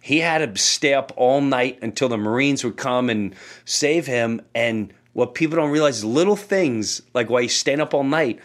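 A man hosting a podcast, telling a story in a casual, animated way and acting out the voices in it. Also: mid-range voice, moderate pace, few pauses. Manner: animated, acts out quoted voices. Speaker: podcast host.

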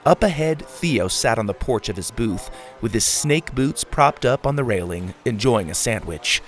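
Brief: expressive male storyteller, very animated pitch, faint music bed. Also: normal speed. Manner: lively, expressive reading. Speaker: audiobook narrator. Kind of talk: storybook narration.

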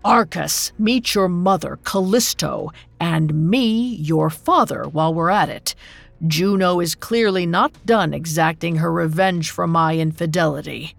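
A woman doing a gruff, weary god-king. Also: on the low side, unhurried, no echo, soft background music. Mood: exasperated. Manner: gruff, grumbling. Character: weary, exasperated male king of the gods.

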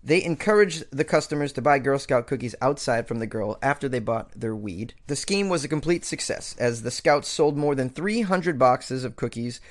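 A man's voice: medium pitch, animated, moderate pace, hardly any pauses. A male host reading quirky news stories aloud and breaking off into sarcastic, joking commentary. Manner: reads headlines then riffs with sarcastic, jokey asides.

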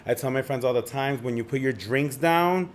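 A young man co-hosts a casual podcast and tells his story with sassy, expressive flair. His voice sits at an ordinary middle pitch for a man. His way of talking is lively and conversational. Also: normal speed. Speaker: podcast co-host.

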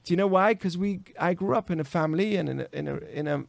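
A man, a rabbi, giving an animated podcast talk full of rhetorical questions. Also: high-pitched, quick pace, vocal fry, no room sound. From grew up in a committed Jewish home.

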